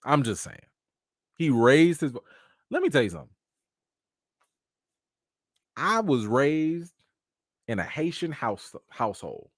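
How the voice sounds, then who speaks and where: A man hosting a live commentary chat, talking in an animated, slangy way. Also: mid-range voice, unhurried, long pauses, dry recording, studio quality. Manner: animated, slangy, acts out quotes. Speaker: host.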